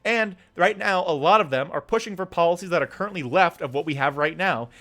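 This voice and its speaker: Heated young man ranting, bright voice. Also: fairly high pitch, fairly quick. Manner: heated, swearing, pleading. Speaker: streamer. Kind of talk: political rant.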